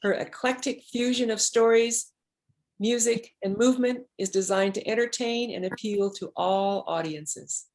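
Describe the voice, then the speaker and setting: A woman host reading a formal introduction of a storyteller in a measured way. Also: on the high side, darkish tone, rough recording. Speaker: event host.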